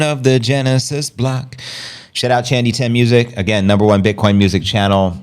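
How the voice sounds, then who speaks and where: A man's voice: mid-range voice, fairly even intonation, moderate pace, clean tone, soft background music. A man hosting a casual livestream, reading out news and chat comments in a hyped, loose, chatty way. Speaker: crypto livestream host.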